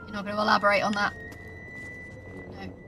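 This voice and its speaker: A woman's voice: mid-range voice, sing-song, a little fast. A woman streaming a video game, chatting casually, swearing and laughing at herself. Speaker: VTuber streamer. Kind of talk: casual gameplay commentary. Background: game music.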